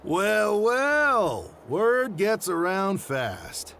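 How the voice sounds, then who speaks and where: A breezy, self-assured town official. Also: male voice, sits high, wildly swooping pitch, extremely slow, gravelly, pushed and bright, a little hiss or hum, exaggerated voice. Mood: unbothered. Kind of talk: game dialogue voice acting.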